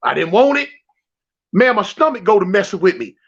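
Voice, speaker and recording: A man from South Central Los spins a prison story in slang, repeating himself and acting out each quote. His voice sits very high. The recording sounds dull and lo-fi. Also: very animated, brisk, fairly bright tone, breathy edge. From South Central Los Angeles. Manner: acts out quotes, repeats and restarts phrases, slangy. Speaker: guest telling a prison story. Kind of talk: animated storytelling.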